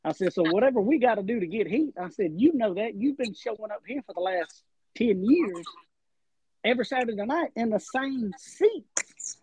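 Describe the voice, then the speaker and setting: Animated man spinning a yarn. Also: high-pitched, normal speed, a little hiss or hum. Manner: animated, rambling storyteller, acts out quotes. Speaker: guest wrestler. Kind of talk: storytelling on a podcast. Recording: dull lo-fi audio.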